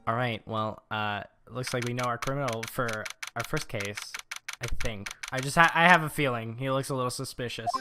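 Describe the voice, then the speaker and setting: A man's voice: mid-range voice, fairly quick, music in the background. A man casually commenting while playing a story game, with wry, self-mocking asides. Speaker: streamer.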